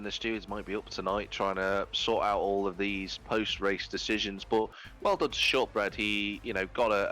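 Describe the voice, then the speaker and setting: A man giving live commentary on an online racing league, his voice rising high and animated as he calls out finishing positions. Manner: excitable, jumps high when calling positions. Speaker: race commentator. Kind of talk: live esports race commentary.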